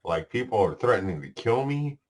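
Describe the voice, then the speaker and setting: A man's voice: lowish voice, lively intonation, fairly quick. A man co-hosting a podcast in casual chat, talking bluntly and plainly. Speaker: podcast co-host.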